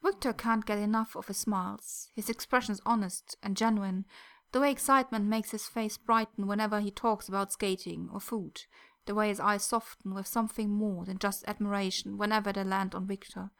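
A woman narrating a fan fiction story in a soft, gentle reading voice that at times drops close to a whisper. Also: medium pitch, steady tone, a little fast.

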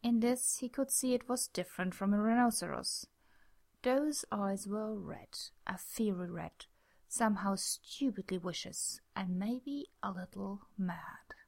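A young woman reading a story aloud in a soft voice, dropping to a near whisper in tense passages. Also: medium pitch, unhurried, vocal fry. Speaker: reader. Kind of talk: reading fan fiction aloud.

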